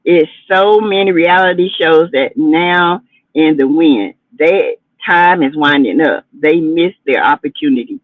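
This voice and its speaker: A woman's voice: deep voice, unhurried, no room sound. A woman hosts a chatty gossip livestream, talking in a sassy way with dramatic asides. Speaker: livestream host. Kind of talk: casual gossip commentary livestream. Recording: tinny phone-like audio.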